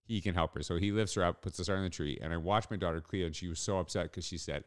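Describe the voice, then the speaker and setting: A man's voice: sits low, fast, few pauses. A middle-aged man hosting a solo podcast, telling a story in an earnest, reflective way. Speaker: podcast host.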